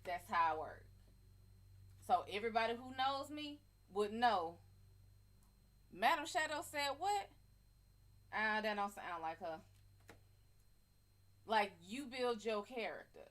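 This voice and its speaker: A woman's voice: mid-range voice, lively intonation, slow pace, pauses often. A woman hosting a live tarot stream in casual chat, blunt, profane and brassy, greeting viewers by name and calling them honey.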